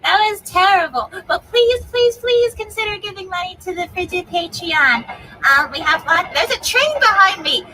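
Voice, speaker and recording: A woman's voice: very high voice, animated, normal speed, noisy background. A woman half-singing a self-mocking plea for donations while strumming a ukulele. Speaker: theater company member making a donation appeal. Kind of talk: amateur song with ukulele. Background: ukulele playing.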